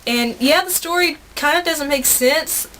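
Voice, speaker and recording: A woman's voice: sits high, measured pace, a bit bright, a little hiss or hum. A young woman with a Southern US accent, gushing through her monthly favorites in a chatty vlog, correcting herself as she goes. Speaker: vlogger.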